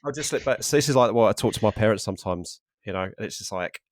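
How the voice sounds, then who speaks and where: A man with an Essex accent hosting a podcast interview, chatty and quick to laugh, often restarting his sentences. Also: lowish voice, lively intonation, no echo, clean studio sound. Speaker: podcast host. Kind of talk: casual interview chat.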